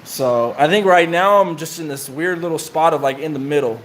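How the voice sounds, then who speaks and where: A man's voice: a little high, normal speed, fairly bright tone. A man casually telling rambling, profane prison stories in slang while his friend draws on him. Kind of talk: casual storytelling while getting tattooed.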